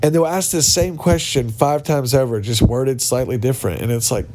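A man's voice: mid-range voice, normal speed, hardly any pauses, darkish tone. A man hosting a casual podcast monologue, ranting bluntly and mocking people, recorded in a cabin without his usual mic. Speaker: podcast host. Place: cabin with other people around. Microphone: not his usual podcast mic.

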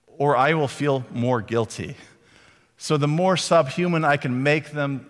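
A man's voice: mid-range voice, fairly bright tone. Casual man preaching in a reverberant hall. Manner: conversational, acts out quoted lines. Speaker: pastor. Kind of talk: sermon.

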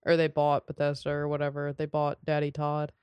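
A woman's voice: sits low, monotone, fairly quick, a little mellow, clean tone, dry recording. Playful young woman podcast co-host. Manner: playful, joking, trails off often. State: has hiccups. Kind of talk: casual chat.

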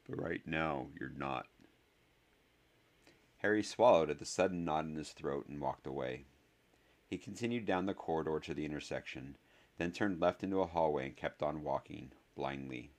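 A man with a notably deep voice narrates a story in a steady, measured way. He reads it as a scripted audiobook.

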